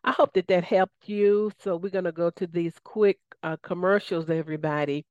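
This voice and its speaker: A woman's voice: on the low side, fairly even intonation, normal speed, a little mellow, dry recording, lo-fi sound. Woman, Southern US accent, radio host, folksy and enthusiastic, dry close sound. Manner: enthusiastic, folksy, says y'all. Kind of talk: casual radio talk.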